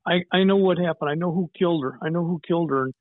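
A man voicing a frail, dying elderly woman who halts and repeats herself, in a noticeably higher voice than his own. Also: rapid-fire, no room sound, lightly acted. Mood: pleading. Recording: tinny phone-like sound.

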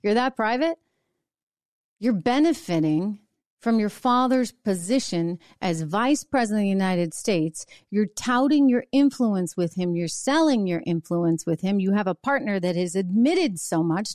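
A woman's voice: mid-range voice, expressive, unhurried, darkish tone, dry recording, clean studio sound. A middle-aged woman hosting an opinion show, delivering a sarcastic, indignant monologue full of rhetorical questions. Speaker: show host.

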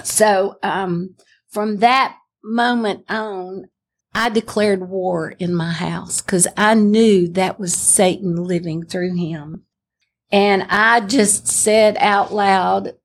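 A woman's voice: medium pitch, fairly even intonation, slow. An older woman sharing a personal faith testimony in an earnest, emphatic storytelling way. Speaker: testimony speaker.

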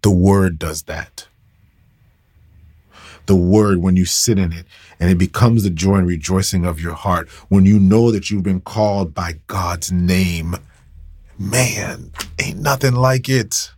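Husky-voiced man preaching a casual sermon. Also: deep voice, slow, a little mellow, no room sound, studio quality. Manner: casual, emphatic, repeats key phrases, addresses listeners as y'all. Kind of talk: livestreamed devotional sermon.

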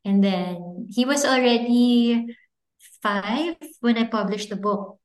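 Woman guest, fairly high voice, chatty storyteller, roomy echoey recording. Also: slow. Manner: chatty, anecdotal, with frequent fillers and laughs. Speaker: guest, children's book author. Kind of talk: casual interview chat. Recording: echoey room.

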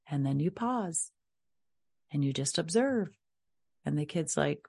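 A woman's voice: low voice, expressive, slow, creaky, dark tone, breathy edge. A woman with a Midwestern US accent hosting a parenting podcast, coaching in a conversational way and asking rhetorical questions. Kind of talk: podcast advice talk.

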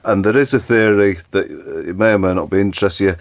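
A man's voice: low-pitched, fast talker. A man hosting a casual chat show, curious and reading out quotes about a word. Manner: curious, reads quotes aloud. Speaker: podcast host.

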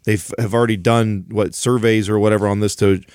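A man's voice: lowish voice, steady tone, fairly quick, a little mellow, no echo, clean studio sound. A man co-hosting a podcast, telling a rambling, self-mocking story in casual chat. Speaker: podcast co-host.

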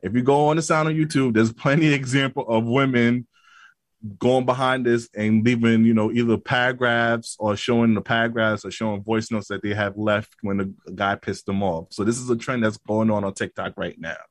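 A man co-hosting a podcast in casual chat, animated, laughing often and acting out quotes. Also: medium pitch, normal speed, no echo. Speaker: podcast co-host.

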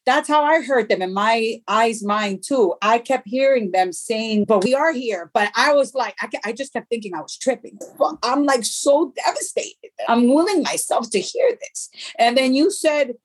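A middle-aged woman, a guest in an interview, speaking earnestly and haltingly about her grief, with many restarts. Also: a little high, lively intonation, slightly rough. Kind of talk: emotional personal interview.

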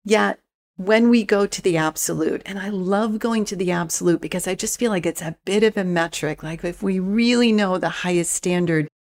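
A woman speaking as a spiritual mentor guest in a relaxed interview, calm and reflective with easy laughs. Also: medium pitch, moderate pace. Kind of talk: casual interview chat.

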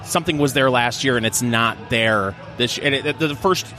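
A middle-aged man chatting casually as co-host, thoughtful and a bit halting, with self-deprecating humor. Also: medium pitch, sharp tone, faint music behind. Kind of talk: casual chat.

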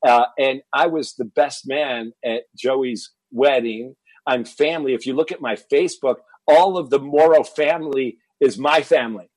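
A man's voice: medium pitch, moderate pace, dry recording, rough recording. A man telling a personal story as a podcast guest, acting out what his family said. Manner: animated, acts out quoted family dialogue.

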